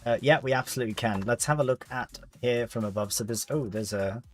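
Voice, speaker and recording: A man's voice: medium pitch, a little fast, faint music behind. A man, live-streaming a farming game and chatting casually with viewers as he plays. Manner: chatty, reads chat aloud, British slang.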